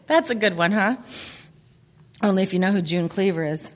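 A woman's voice: medium pitch, expressive, normal speed, long pauses. A middle-aged woman giving a casual faith talk to a group, chatty and laughing often as she reads quotes aloud. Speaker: women's ministry speaker.

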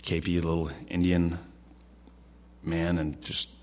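Brief: deep-voiced man preaching in a conversational, halting way. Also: monotone. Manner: halting, repeats and restarts phrases. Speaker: pastor. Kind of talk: casual sermon.

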